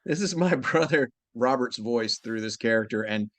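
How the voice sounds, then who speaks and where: Animated Texan-born male voice actor, dry sound. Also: mid-range voice, normal speed, dry recording. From Texas, USA. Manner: animated anecdotal storytelling. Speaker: voice actor guest. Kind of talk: casual interview chat.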